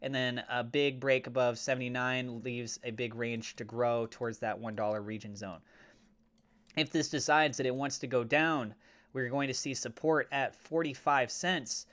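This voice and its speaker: A man hosting a crypto channel, talking through price levels on charts in a steady way, with fillers like uh. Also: mid-range voice, normal speed. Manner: mock-gushing and over the top when praising. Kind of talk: chart analysis commentary.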